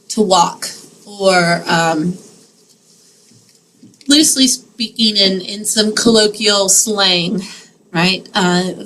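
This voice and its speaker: A woman's voice: mid-range voice, fairly bright tone, poor audio. A woman teaching a Spanish grammar lesson in a classroom, explaining patiently step by step and checking in with her students.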